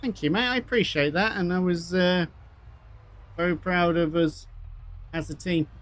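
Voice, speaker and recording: A man's voice: sits high, moderate pace. A man chatting casually to viewers while streaming sim racing. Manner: relaxed, chatty, matey. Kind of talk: casual livestream chat.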